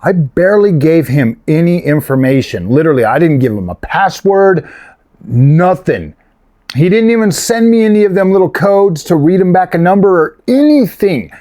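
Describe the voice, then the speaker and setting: A man's voice: on the high side, darkish tone. A man telling a frustrated, rambling story in a casual vlog, full of fillers and restarts. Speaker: gaming and tech YouTuber.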